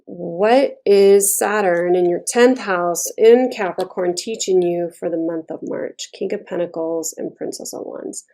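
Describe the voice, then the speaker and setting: A woman's voice: on the low side, measured pace, vocal fry, hardly any pauses, mellow. Blunt, chatty woman reading tarot. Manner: blunt, chatty, swears freely. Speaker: tarot reader.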